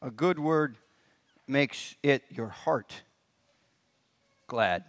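A man's voice: mid-range voice, lively intonation, drawn-out words, no echo. A man preaching a sermon in church, in a folksy manner with rising emphasis on key points. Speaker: pastor. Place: church sanctuary.

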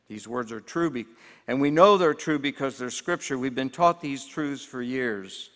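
A man's voice: mid-range voice, animated, a bit bright. Earnest preaching man in a reverberant hall. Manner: earnest, emphatic, slows down on key words. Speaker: pastor. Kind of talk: sermon.

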